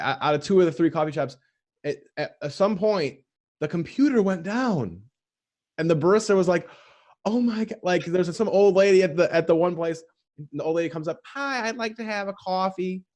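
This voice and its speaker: A man's voice: on the high side, moderate pace, a little mellow. A man hosting a podcast, chatting casually and telling stories with restarts and fillers. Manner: chatty storyteller, restarts and fillers, mimics people he tells about. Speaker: podcast host.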